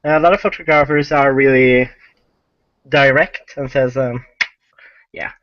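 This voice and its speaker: A man speaking as a podcast guest, chatty in a casual interview and quick to laugh. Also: mid-range voice, fairly even intonation, no room sound. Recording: dull lo-fi podcast audio.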